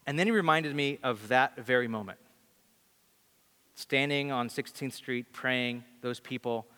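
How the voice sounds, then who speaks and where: A man preaching a sermon and telling a story in an animated, conversational way, with frequent restarts. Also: medium pitch, a little slow, clean tone. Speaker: pastor. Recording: long hall reverb.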